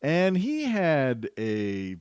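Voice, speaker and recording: A man's voice: fairly high pitch, huge pitch swings, very slow, darkish tone, smooth, no echo, studio quality. A man hosting a podcast, talking in a rambling, enthusiastic, chatty way. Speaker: podcast host. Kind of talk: casual podcast monologue.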